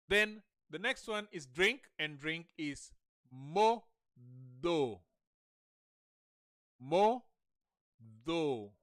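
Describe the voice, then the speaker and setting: A man's voice: on the high side, sharp tone, clean tone, no echo, clean studio sound. A man giving a patient language lesson, sounding out words syllable by syllable and encouraging the listener. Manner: patient, repeats syllables slowly and encourages the learner. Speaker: language teacher. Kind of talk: slow pronunciation lesson.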